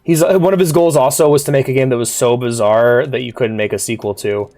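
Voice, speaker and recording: A streamer with a cough, chatting casually over live gameplay and shouting at the little on-screen character. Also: mid-range voice, quick pace, soft background music. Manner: animated, yelps and shouts at the game character. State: sick, coughing. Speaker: VTuber game streamer.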